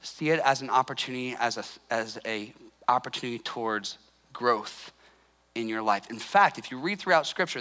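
A male pastor preaching a sermon in a conversational way, acting out what people say and dropping soft and low to stress a point. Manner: conversational, acts out quoted voices; drops to a soft, low intensity for emphasis.

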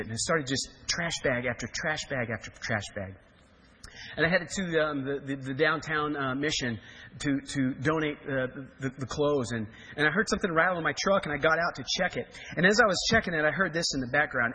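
A man's voice: fairly high pitch, moderate pace, husky. A man in his forties from Kansas, a pastor telling a story in a sermon with joking asides. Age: 40s. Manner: animated storytelling, jokey asides. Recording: reverberant hall.

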